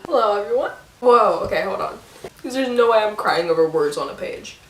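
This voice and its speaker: A woman's voice: medium pitch, animated, fairly quick, far from the mic. A young woman vlogging about books, chatty, gushing and emotional. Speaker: book vlogger. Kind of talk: casual chat. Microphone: camera mic. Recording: roomy echo, from off the mic, faint hiss.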